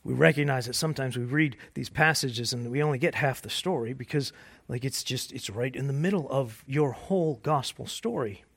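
A man preaching a sermon as pastor. He repeats and restarts words as he searches for phrasing, and he builds from quiet emphasis to rising intensity. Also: mid-range voice, normal speed, vocal fry, slightly rough.

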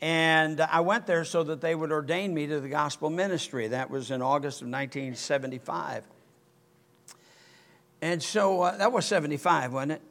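An older man preaching a sermon, telling a story in an animated way and rising to near-shouts. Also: on the high side, moderate pace. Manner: animated, rises to near-shouting when excited. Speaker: pastor.

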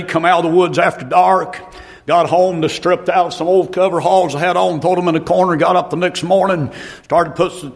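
A middle-aged man preaching a fiery revival sermon, breaking into shouted outbursts between folksy stories. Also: fairly high pitch, creaky.

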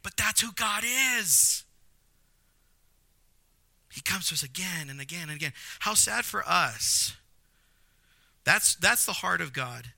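A man preaching a sermon, animated, with jokey asides and emphatic repetition. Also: high-pitched, measured pace, creaky, pauses often, no echo. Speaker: pastor.

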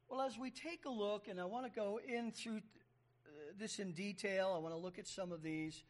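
A man's voice: sits high, steady tone, a little slow, pauses often. A man preaching a sermon, explaining Greek words as he reads and stressing key words. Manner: emphatic, explains Greek word by word. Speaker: pastor.

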